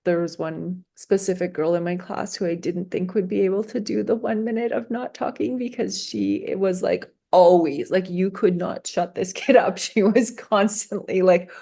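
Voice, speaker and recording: A woman's voice: lowish voice, warm tone. A woman teacher talking casually and chattily, laughing often and saying "like" a lot. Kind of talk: casual conversation.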